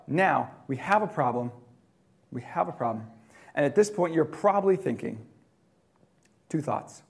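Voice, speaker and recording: A man preaching a sermon in a conversational way, swinging between loud emphatic lines and quiet, dropped ones. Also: fairly high pitch, gravelly. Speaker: pastor.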